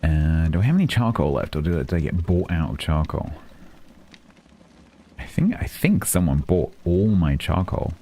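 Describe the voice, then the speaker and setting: A man's voice: low-pitched, very animated, normal speed, mellow. A man streaming a role-play game, chatting casually and mumbling to himself with playful asides.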